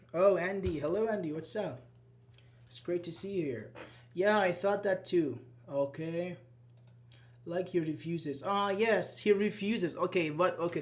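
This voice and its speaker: Guy teaching english grammar, kinda high voice, patient, acts out annoyed examples. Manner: explains patiently, acts out irritated example lines. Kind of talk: live online grammar class.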